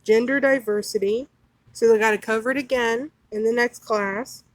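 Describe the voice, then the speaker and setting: A woman with a fairly high voice reads passages aloud, then breaks off into indignant, sarcastic commentary punctuated by scornful laughs. The sound is dry and close, with almost no room around her. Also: steady tone, moderate pace, dry recording, poor audio. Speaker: commentary channel host. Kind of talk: reading aloud and ranting commentary.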